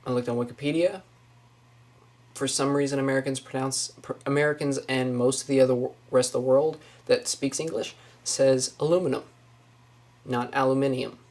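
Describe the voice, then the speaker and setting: A woman's voice: very deep voice, darkish tone. A young woman with a Northwest Florida Southern accent, musing casually over a list of words in her apartment, saying each word and then commenting on it. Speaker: vlogger. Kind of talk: casual accent-tag video. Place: small apartment indoors.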